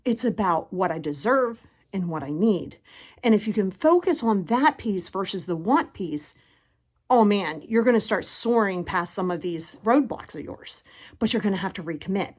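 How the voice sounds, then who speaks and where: A woman's voice: mid-range voice, normal speed. Chatty woman in her fifties. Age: 50s. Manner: chatty, animated, acts out inner voices. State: sweaty after a workout. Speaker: motivational podcast host. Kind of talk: casual motivational talk. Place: at home in a bedroom.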